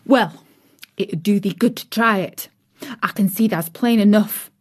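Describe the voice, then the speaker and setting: A woman's voice: mid-range voice, unhurried, lightly acted. A woman voicing a cheerful, chatty young serving girl, homely and outspoken.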